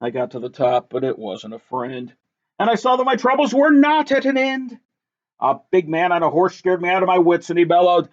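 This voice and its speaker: A high-voiced man reads a rhyming picture book aloud at a moderate pace, bouncing along with the rhythm in a lively sing-song. The recording is dull and lo-fi, its top end rolled off.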